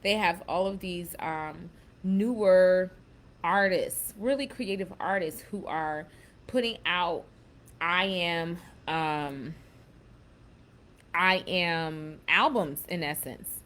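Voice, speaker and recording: A woman's voice: on the low side, slow pace, a bit bright. A woman hosting a casual self-help talk, chatting loosely and reading out affirmations with emphasis. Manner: chatty, reads affirmations with emphasis, says "baby" and "y'all". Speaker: spiritual self-help host.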